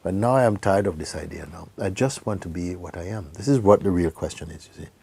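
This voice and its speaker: A man giving a spiritual talk to a gathering, speaking gently, often laughing and sometimes dropping into a whisper. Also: low-pitched, quick pace, vocal fry, slightly rough, no room sound. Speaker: spiritual teacher.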